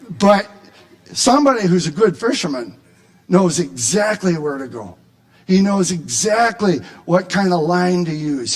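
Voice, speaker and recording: A man preaching a sermon as pastor, animated and emphatic, at times raising his voice to a shout. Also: sits high.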